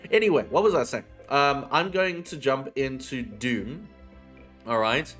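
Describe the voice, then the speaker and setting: A man's voice: medium pitch, lively intonation, a little slow, a bit bright, soft background music. A man chatting casually with his chat audience on a livestream. He swears freely and drifts between topics.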